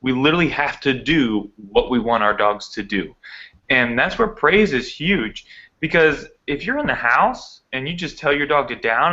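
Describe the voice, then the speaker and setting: A man's voice: mid-range voice, expressive, normal speed, bright, forceful tone. A man co-hosting a live online dog training chat, explaining with energy over a video call. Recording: dull lo-fi video call audio.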